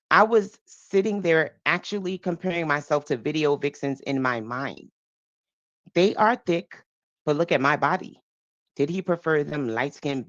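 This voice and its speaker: Low-voiced woman reading with blunt asides. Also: dry recording, dull audio. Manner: animated asides, laughing, blunt. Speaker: livestream book reader. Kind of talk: live reading with commentary.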